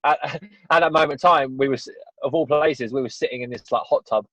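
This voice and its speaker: A man from England, guesting on a podcast, tells a personal story in an earnest, roundabout manner, frequently adding "you know" and "right?" in this casual interview. He talks fairly quickly in a slightly bright mid-range voice over dry, dull audio.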